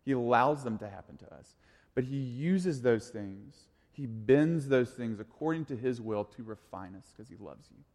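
A man's voice: medium pitch, lively intonation, normal speed, darkish tone. A man in his thirties giving a casual, conversational sermon as a youth pastor, in an echoey hall. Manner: casual, conversational, full of "like" and restarts.

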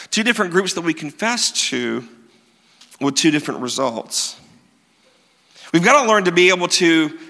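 Animated preacher man in a reverberant hall. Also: fairly high pitch. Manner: animated, self-mocking storytelling with emphatic repeats. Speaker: pastor. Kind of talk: sermon.

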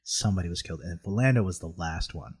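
A man with a low, slightly husky voice speaks in a relaxed, conversational way. He tells a personal story earnestly and reflectively, and his feeling comes through as he talks. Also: fast. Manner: earnest, reflective, emotional at times.

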